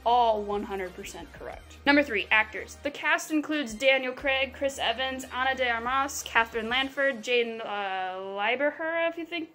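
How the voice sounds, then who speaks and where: A woman's voice: fairly high pitch, normal speed, few pauses, bright, forceful tone, soft background music. A woman giving a casual, chatty movie review that she works through point by point. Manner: upbeat, chatty, lists points in order. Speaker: film reviewer.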